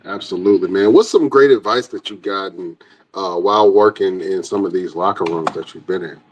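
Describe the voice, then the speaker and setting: A man hosting a podcast and asking an interview question in a relaxed way. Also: low-pitched, fairly quick, a little hiss or hum, low-quality recording. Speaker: podcast host.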